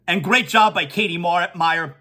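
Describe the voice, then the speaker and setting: A man hosting a solo sports talk show, excitable and animated, repeating catchphrases and reading ads in a casual way. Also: sits high, moderate pace. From South Florida.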